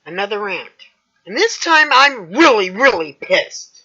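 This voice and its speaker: A woman vlogger delivering an angry, indignant rant full of swearing, shouting at times. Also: mid-range voice, sing-song, a little slow. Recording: dull lo-fi recording.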